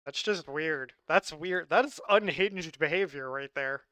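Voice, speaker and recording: A man's voice: a little high, unhurried, sharp tone, smooth, no echo. A man chatting casually with his audience on a live stream, loose and joking, laughing often and swearing freely. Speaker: livestreamer.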